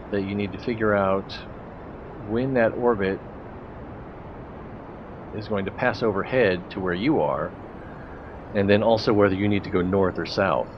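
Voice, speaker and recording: A man with a lowish voice gives casual commentary as he streams a game, chatty and jokey and thinking out loud. The audio is dull and lo-fi, with a steady hiss underneath. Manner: chatty, jokey, thinks aloud while playing.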